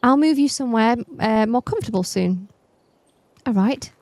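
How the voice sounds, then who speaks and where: A woman's voice: fairly high pitch, expressive, moderate pace, a little mellow, no room sound. A woman playing a murder mystery game as a streamer, chatting casually with a self-deprecating humor. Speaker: let's play streamer.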